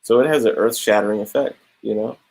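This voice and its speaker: A young man casually reviewing a comic book, talking in a relaxed, slangy way. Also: fairly low pitch, quick pace, vocal fry, low-quality recording. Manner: laid-back slangy, drops "bro" and "straight up".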